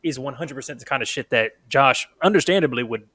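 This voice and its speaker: A man with a mid-pitched voice tells profane stories with animated energy on a podcast. The sound is close and dry, with no room echo. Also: fast talker. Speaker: podcast co-host. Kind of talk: casual chat.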